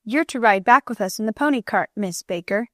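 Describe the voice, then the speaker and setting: A woman's voice: medium pitch, lively intonation, a little fast, no echo, lightly acted. Woman doing a big country lad, rustic drawl, grumbling, dry close voice. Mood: plain.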